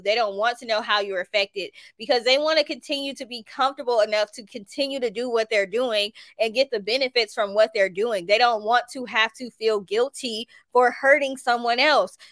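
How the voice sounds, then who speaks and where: A woman's voice: on the high side, a bit bright, no echo. A woman with a Southern US accent giving a tarot reading to viewers, talking emphatically and repeating her points. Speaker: tarot reader.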